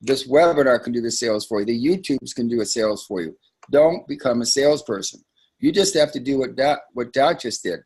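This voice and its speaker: A man with a husky, slightly breathy voice leads a sales training webinar. His delivery is conversational and emphatic, and he drifts into frequent asides as he coaches his team. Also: medium pitch, expressive, a little fast, a little mellow.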